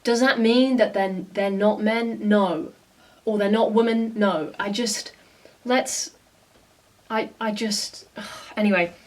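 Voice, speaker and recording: A woman's voice: medium pitch, steady tone, slow, distant mic. Blunt, exasperated woman vlogger. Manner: exasperated, blunt, swears freely. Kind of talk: casual reaction commentary.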